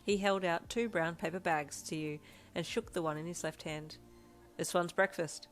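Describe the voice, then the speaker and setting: A woman reading a second-person fan fiction story aloud in a steady, measured storytelling voice. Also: fairly low pitch, faint music behind. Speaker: fanfiction reader.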